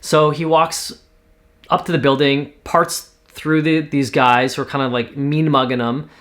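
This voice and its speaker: A man from Canada casually pitching a TV series, talking in a rambling way with lots of fillers. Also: little pitch movement, measured pace, a bit bright. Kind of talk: casual spoken story pitch.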